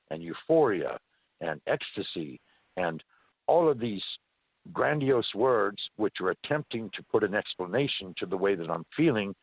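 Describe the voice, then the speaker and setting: A man from California tells a first-person story in an animated, folksy manner. His voice is low and husky, and it comes over a dry, muffled phone line. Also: dry recording. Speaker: interview guest.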